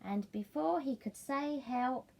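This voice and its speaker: A middle-aged woman reads a picture book aloud, slowly and in a sing-song voice. Her voice sits fairly high with a gravelly fry. She coaxes her listeners along gently. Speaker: storyteller.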